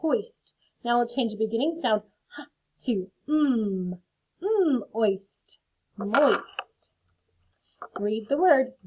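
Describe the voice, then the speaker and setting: A woman teaching a phonics lesson to children, carefully sounding out words and adding friendly chatty asides. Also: fairly high pitch. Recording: phone-like lo-fi audio.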